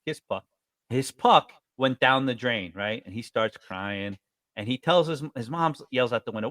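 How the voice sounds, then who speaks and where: A middle-aged man from New York State chatting casually as a podcast co-host, telling stories with lively acted-out voices. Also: mid-range voice, no echo. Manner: animated storyteller, acts out quoted voices loudly. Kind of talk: casual chat.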